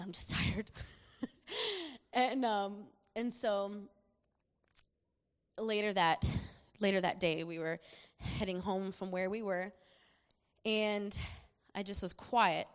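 A young woman sharing a personal testimony in a chatty, animated way, laughing often as she speaks. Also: medium pitch, smooth. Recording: long hall reverb.

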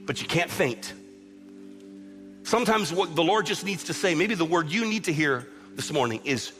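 A middle-aged male pastor delivers an impassioned sermon, building through repeated appeals. His voice sits a little on the high side. It rings with the long reverb of a church, with quiet music behind him. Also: animated, normal speed. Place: church sanctuary.

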